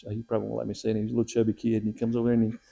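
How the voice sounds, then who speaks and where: A middle-aged man tells his faith story in a casual, lively way. His voice is gravelly and dark. He jumps up in pitch whenever he acts out what other people said. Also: very fast. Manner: animated, acts out quotes with raised pitch. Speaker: missionary telling his testimony.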